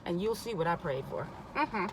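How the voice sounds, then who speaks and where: A woman's voice: lowish voice, lively intonation, moderate pace, noisy background. A woman reading a spiritual self-help book aloud, often stopping to repeat passages and add emphatic comments of her own. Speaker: reader.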